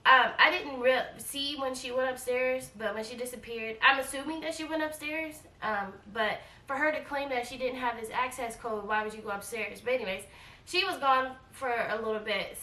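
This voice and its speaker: Animated woman telling a storytime in an echoey room. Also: fairly high pitch, normal speed, distant mic. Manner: animated, repeats herself, acts out quoted lines. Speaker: travel vlogger. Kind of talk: casual storytime vlog. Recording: echoey room, voice a bit off-mic.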